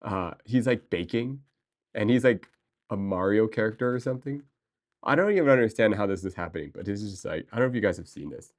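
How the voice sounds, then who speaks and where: Excitable, rambling male streamer, lowish voice. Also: fairly quick. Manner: rambling, excitable, frequent laughs and restarts; reads and answers viewer chat. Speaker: livestreamer. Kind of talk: casual stream chat.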